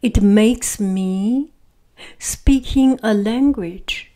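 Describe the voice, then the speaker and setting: Slow-speaking Chinese-accented woman. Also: on the high side, dark tone. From China. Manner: repeats words, halting phrasing with fillers. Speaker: vlogger. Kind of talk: casual reflective monologue.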